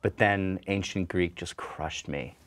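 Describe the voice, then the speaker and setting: A young man, an actor, chatting in an interview and telling relaxed, joking stories. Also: deep voice, a little slow. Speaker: actor and guest. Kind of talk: casual interview chat.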